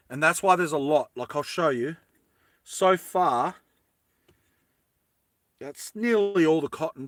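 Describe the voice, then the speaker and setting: A man talking through a hands-on fix in a loose, rambling way, full of asides and self-corrections. His voice sits a bit high and sounds bright and forceful. The sound is dry, with no room echo. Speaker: lighter repair vlogger. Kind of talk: casual how-to chat.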